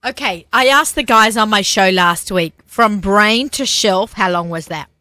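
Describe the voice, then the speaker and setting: Woman, talk show host, bubbly, mid-pitched voice, dry close sound. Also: moderate pace, bright, forceful tone, dry recording. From Australia. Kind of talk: casual interview chat.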